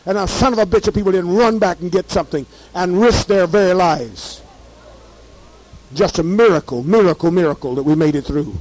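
Hoarse, fiery high-voiced man swearing. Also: fairly quick, a little mellow, rough recording. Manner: profane, fiery, repeats himself. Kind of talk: impassioned storytelling monologue.

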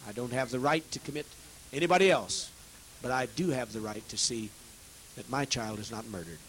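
A man preaching to a congregation, swinging between loud, forceful outbursts and hushed, heavy tones, repeating phrases to exhort his listeners. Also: medium pitch, brisk, a little hiss or hum, low-quality recording. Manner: repetitive, exhorting. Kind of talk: impassioned sermon.

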